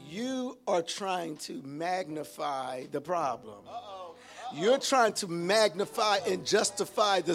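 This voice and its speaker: A male pastor delivers an animated sermon in call-and-response style. His voice sits high for a man, and he swings from near-whispered asides to shouted exclamations. Soft music plays faintly behind him. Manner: animated, call-and-response preaching with sudden shifts from hushed to shouted.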